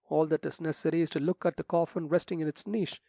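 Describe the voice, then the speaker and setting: A man voicing an impatient young squire who speaks brisk and direct. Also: on the high side, steady tone, warm tone, dry recording. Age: young adult.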